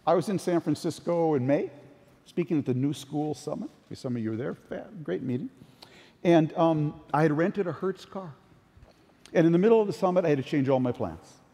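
An older man delivers a conference keynote in a warm voice on the high side, sharing anecdotes conversationally. The large conference hall gives the recording a long reverb.

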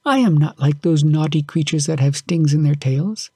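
A man's voice: on the high side, moderate pace, a little mellow, husky, dry recording, studio quality. A man voicing a cheerful little female fairy spirit with a coaxing, playful way of speaking.

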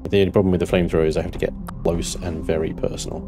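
A man narrating his own gameplay, excitable and talking to himself, swearing now and then. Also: sits low, very fast, music in the background. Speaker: gameplay commentator. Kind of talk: let's play commentary.

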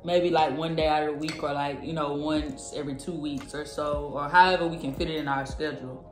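A woman's voice: low-pitched, steady tone, brisk. A woman, co-hosting a casual cooking chat, chatty and teasing. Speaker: co-host of a couple's cooking channel. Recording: echoey room with faint music.

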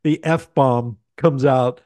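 A man's voice: mid-range voice, steady tone, extremely slow, a little mellow. A man hosting an interview podcast, upbeat and joking as he encourages his guest. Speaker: podcast host. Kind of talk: casual interview chat.

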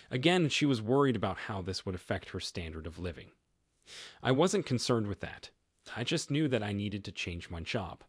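A man narrating a first-person story in a deadpan, matter-of-fact manner. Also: lowish voice, moderate pace, slightly rough, no echo, studio quality.

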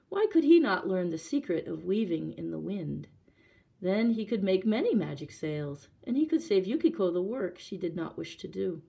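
A woman telling a storybook tale aloud for a library, calm and measured. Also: on the low side, gravelly, rough recording.

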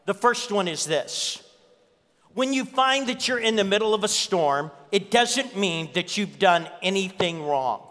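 A man's voice: high-pitched, animated, a little slow, fairly bright tone, long reverb tail. A man preaching a sermon as pastor, telling a story and repeating key lines for emphasis. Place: church.

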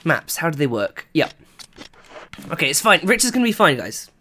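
This English streamer chats with viewers while commentating live gameplay at a moderate pace, using a very animated, mid-range voice. Whenever something startles him, he lets out yelps and shouts.

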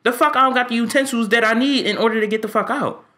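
A man's voice: very high-pitched, fast talker, sharp tone. A man giving ranting, profane commentary on a game he is fed up with, stammering when frustrated. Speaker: gaming YouTuber.

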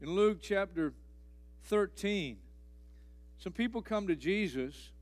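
Emphatic high-voiced pastor preaching. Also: male voice, expressive, slow pace, soft background music. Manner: emphatic, repeating key phrases, swings between loud and hushed. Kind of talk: sermon. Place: church sanctuary.

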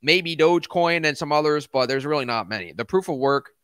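On a casual crypto stream, a young man talks briskly with lively intonation in a fairly high, slightly bright, clear and resonant voice. He's laid-back, addressing viewers as man and dude, but swears and erupts into rants. Clean studio sound, no room noise.

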